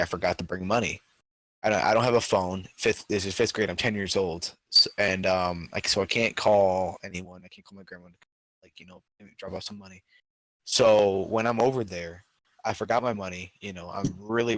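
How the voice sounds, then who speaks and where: Low-pitched male podcast co-host, rambling casual storyteller, dry close sound. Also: a bit bright, no echo. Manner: rambling storyteller, many filler words. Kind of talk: casual chat.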